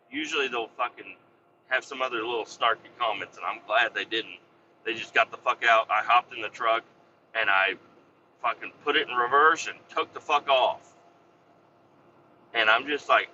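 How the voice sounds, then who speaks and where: A man's voice: mid-range voice, muffled recording, slight background noise. A man casually telling a heated story, swearing a lot and getting worked up as he goes. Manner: heated, swears a lot, re-enacts his own yelling. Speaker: podcast host and business owner.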